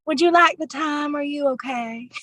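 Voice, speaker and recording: A woman guests on a comedy trivia show, teasing the host and drawing out her answers. Her voice sits high, and the sound is dry and close. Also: bright, forceful tone, no room sound. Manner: playful, teasing, drawn-out answers. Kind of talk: casual comedic banter.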